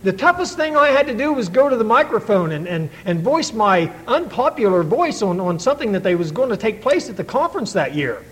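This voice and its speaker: A man's voice: sits high, big pitch swings, a little fast, hardly any pauses, fairly bright tone, rough recording. A middle-aged man telling his own story to a recovery meeting, in an earnest, folksy way with many restarts. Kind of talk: personal testimony to an audience.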